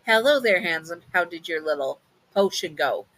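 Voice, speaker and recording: A woman's voice: fairly low pitch, lively intonation, moderate pace, fairly bright tone, low-quality recording. A woman voicing a sly, possessive female bogeyman monster who gloats and teases with pet names. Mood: gloating.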